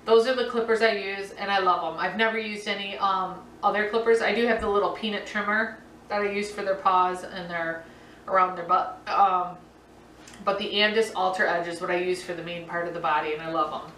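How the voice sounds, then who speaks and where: A middle-aged woman vlogging at home and answering viewer questions in a casual, chatty way, laughing often and filling pauses with ums. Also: mid-range voice, steady tone, a bit bright, far from the mic, slight background noise. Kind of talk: casual chat. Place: home room. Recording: roomy echo, voice a bit off-mic.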